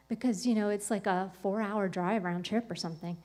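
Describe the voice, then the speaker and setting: A woman talks casually on a podcast, with a voice of ordinary middle pitch. She tells a personal story in a loose, rambling way and fills her speech with "like" and "um". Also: fairly even intonation, brisk, few pauses, a little mellow. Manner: rambling, full of "like" and "um" fillers. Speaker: podcast speaker.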